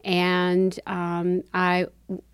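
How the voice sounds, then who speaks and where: A woman's voice: on the low side, very slow, clean tone, no echo. An older woman from South Carolina, telling life stories as an interview guest and acting out the voices of people in them. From South Carolina, USA. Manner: animated storyteller, acts out quoted voices. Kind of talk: interview storytelling.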